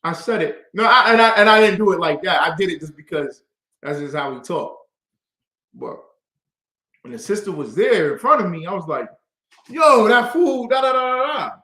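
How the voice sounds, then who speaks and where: Animated high-voiced man teaching scripture. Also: moderate pace, echoey room. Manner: lively, call-and-response, acts out quoted voices. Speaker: class teacher.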